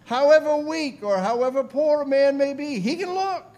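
A pastor putting on a fervent Essex lay preacher. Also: male voice, very high voice, normal speed, darkish tone, lo-fi sound, pitched above the performer's own voice. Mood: folksy emphatic. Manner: folksy, repetitive, pleading. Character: thin, plain-spoken male lay preacher, fervent.

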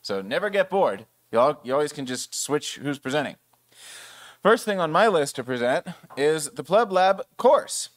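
A man's voice: on the high side, no echo. A man casually presenting at a developer meetup, rambling a bit with fillers.

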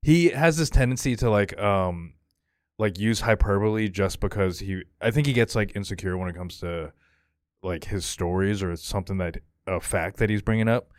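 A man co-hosting a podcast who rambles hesitantly, stopping often on "um" and "like". His voice is fairly low, and the sound is close and dry. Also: moderate pace, no room sound. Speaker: podcast co-host. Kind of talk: casual podcast banter.

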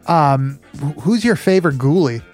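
A man's voice: a little high, animated, normal speed, a little mellow, soft background music. A man co-hosting a casual podcast chat about movies, laid-back and swearing freely with lots of fillers. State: hiccups. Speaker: podcast co-host.

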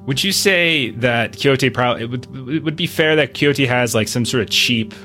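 A man's voice: mid-range voice, normal speed, sharp tone, faint music behind. A man narrating as game master of a tabletop game, loose and repeating words.

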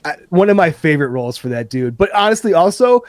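A man co-hosting a casual movie podcast, excited, swearing often and laughing a lot. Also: fairly high pitch, fast. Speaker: podcast co-host.

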